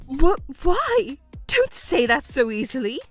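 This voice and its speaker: A woman's voice: high-pitched, sing-song, takes it slowly, soft background music, heavily acted. A woman voicing a scheming, self-pitying middle-aged stepmother who whines and stammers when cornered, in a texting story. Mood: shrill.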